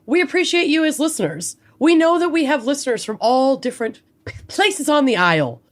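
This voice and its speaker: A woman's voice: sits high, sing-song, a little fast. A woman from Minnesota co-hosting a true crime podcast, talking bluntly with lots of swearing. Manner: profane, blunt and emphatic. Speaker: podcast co-host. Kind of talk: casual chat.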